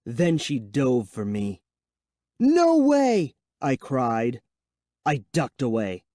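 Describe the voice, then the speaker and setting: A man narrating a children's horror audiobook in first person with a measured, suspenseful reading. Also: medium pitch, a little mellow, no room sound, clean studio sound.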